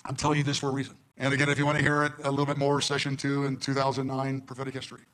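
Male preacher, flat storytelling delivery, quotes dialogue in his stories, halting restarts. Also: medium pitch, low-quality recording. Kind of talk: recorded sermon storytelling.

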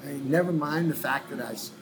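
A man's voice: a little high, steady tone, quick pace, background noise. A man from New Orleans telling a long, rambling story in a casual interview. He swears freely and acts out the voices of people he quotes. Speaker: guest musician telling his story.

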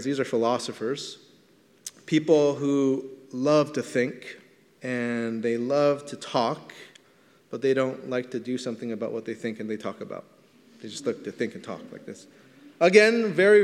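Pastor preaching in a reverberant hall. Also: male voice, mid-range voice, normal speed. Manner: conversational teaching, stretches words for emphasis. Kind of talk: sermon.

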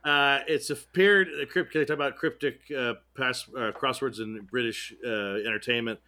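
A man's voice: medium pitch, steady tone, moderate pace, pushed and bright. A man co-hosting a podcast, joking around and reading trivia aloud in a casual, irreverent way. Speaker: podcast co-host. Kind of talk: casual chat.

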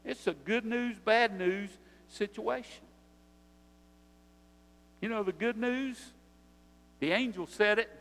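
A man's voice: high voice, unhurried, long pauses, a bit bright, big-room sound. An older man, preaching a sermon with rising emphasis and repetition. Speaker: pastor.

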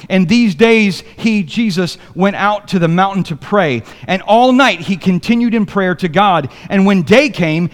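Preaching from a church sanctuary, this pastor has a high voice and a long reverberant tail on his words. He keeps things conversational, reading scripture and trading jokes with the people gathered.

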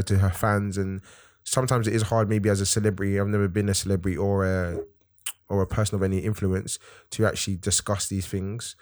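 A man explaining his view on a podcast in a hesitant, measured way with many pauses. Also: on the low side, no echo, studio quality. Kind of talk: casual chat.

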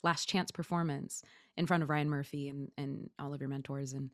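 A woman's voice: a bass voice, steady tone, moderate pace, no echo, clean studio sound. A woman guest in a casual chat, talkative and often laughing. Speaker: guest, former reality show contestant.

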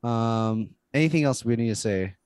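A man's voice: medium pitch, moderate pace, darkish tone, clean tone, no echo. A man co-hosting a casual chat about a show, rambling and trailing off mid-sentence. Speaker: podcast co-host.

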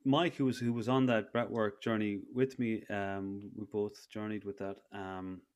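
A man's voice: on the low side, little pitch movement, measured pace, clear, resonant tone. A man in his thirties, a breathwork facilitator, telling a personal story in a casual interview with many restarts. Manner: rambling with frequent restarts.

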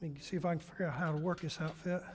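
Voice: medium pitch, racing, slightly rough. A pastor preaching a sermon, reading scripture aloud and throwing questions at the congregation. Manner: animated, asks the congregation questions; reads and paraphrases scripture aloud.

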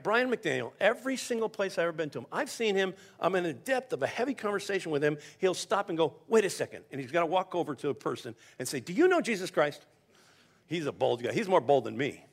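A male pastor preaching in an easy, conversational way, trading stories as he teaches from scripture. His voice sits a little high for a man and carries a gravelly edge, and he often stumbles into restarts. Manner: conversational preaching with personal stories and repeated starts. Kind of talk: sermon.

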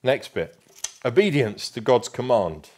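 A man preaching a sermon, emphatic and slowing right down to stress key phrases. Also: medium pitch, sing-song, a little mellow, a little hiss or hum. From England.

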